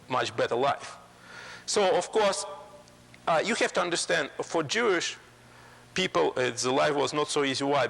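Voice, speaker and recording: A man giving a public lecture in halting English, with frequent ums and restarts. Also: medium pitch, creaky, a bit bright, big-room sound. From Soviet Union. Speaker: guest lecturer.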